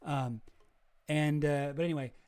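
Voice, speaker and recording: A man's voice: on the high side, unhurried, mellow. A man streaming casual commentary, rambling and hesitant, swearing freely.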